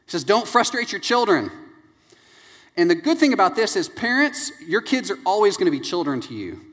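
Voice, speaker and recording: A man in his thirties delivers a sermon as an animated storyteller, slipping into family members' voices. His voice sits slightly high. The sound carries a long hall reverb. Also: a little fast. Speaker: pastor. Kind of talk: sermon with anecdotes.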